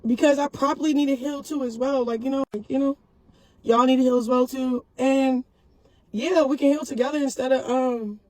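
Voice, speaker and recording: At a moderate pace and with fairly even intonation, a woman speaks in a high-pitched, slightly mellow voice; there's no echo, though the audio is poor. She's a mother giving her audience a casual, heartfelt video message, earnest and rambling, circling back with "for real" and "you know what I'm saying."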